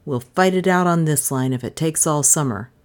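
Brash sardonic male private eye read by a woman, low voice, audiobook. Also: moderate pace, close to an everyday voice. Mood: wry. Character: cocky wisecracking male private detective. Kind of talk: audiobook character reading.

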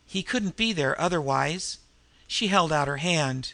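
A man reading a novel aloud in measured storytelling narration. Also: on the high side, gravelly, bright, forceful tone, dry recording. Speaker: audiobook narrator. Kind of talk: scripted narration.

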